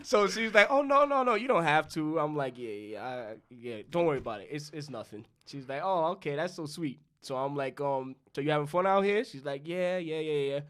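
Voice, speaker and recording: A man's voice: on the high side, lively intonation, a little fast, hardly any pauses, a bit bright. A young man from New York, a podcast co-host, telling a loose, profane story in casual chat and acting out both sides of the dialogue. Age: young adult.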